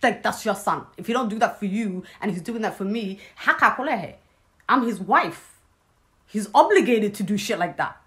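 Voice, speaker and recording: A woman's voice: medium pitch, animated, normal speed, a bit bright. A young woman telling a personal story in a casual vlog, blunt, sarcastic and swearing freely. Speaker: vlogger.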